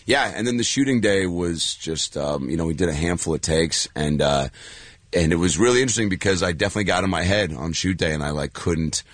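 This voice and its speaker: Man, deep low voice, casual guest chat, rambling storyteller, acts out quotes, dry close sound. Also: animated, a little fast, no room sound. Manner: rambling, with many fillers and restarts. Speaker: actor and guest.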